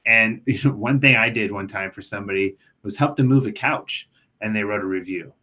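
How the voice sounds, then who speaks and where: A man who cleans windows, co-hosting a podcast in relaxed casual chat and asking his partner questions. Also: fairly low pitch, fairly quick. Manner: relaxed, asks questions, laughs along.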